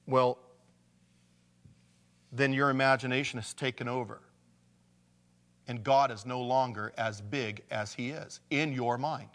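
A man preaching a sermon in a relaxed, conversational way, reading scripture passages aloud and stressing key lines. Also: medium pitch, unhurried, pauses often, in a large hall. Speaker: pastor.

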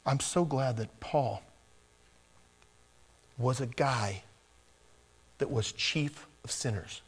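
Conversational preacher man, hushed to emphatic. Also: medium pitch, slow pace, husky. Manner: conversational preaching, shifting from hushed near-whispers to emphatic exhortation. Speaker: pastor. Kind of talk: expository sermon.

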